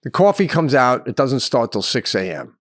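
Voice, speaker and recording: A middle-aged man telling a story in casual chat on a podcast, swearing and acting out the yelling in it. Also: medium pitch, normal speed, no echo, studio quality. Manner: animated, swears a lot, acts out yelling in his stories. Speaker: podcast co-host.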